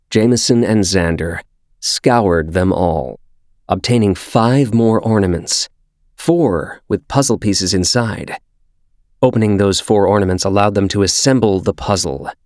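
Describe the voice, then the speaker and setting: Slow, deep-voiced male audiobook narrator. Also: dry recording, clean studio sound. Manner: measured, unhurried storytelling.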